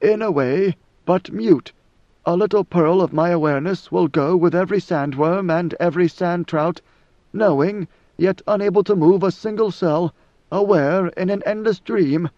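An ancient god-emperor speaks in slow, grave, measured tones, as a male reader puts him on. The voice sits a little high and carries a dull, lo-fi sound. The recording is dry. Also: no echo. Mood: solemn. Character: ancient godlike male emperor, calm, solemn.

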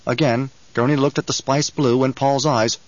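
A man narrating a novel in an even, unhurried storytelling voice. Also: medium pitch, no echo, dull audio. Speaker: audiobook narrator. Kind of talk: scripted narration.

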